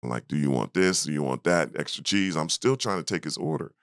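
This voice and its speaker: This former basketball player, in his fifties, speaks a little quickly as he tells a tale from his past in a casual interview. His extremely deep voice jumps to livelier, higher pitches whenever he imitates others in the story. The sound is close and dry.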